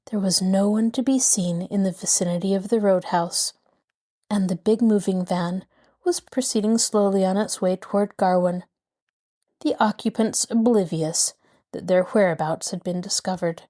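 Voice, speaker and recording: A woman host narrating a mystery novel aloud with a lively, dramatic delivery. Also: medium pitch, normal speed. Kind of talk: scripted storybook narration.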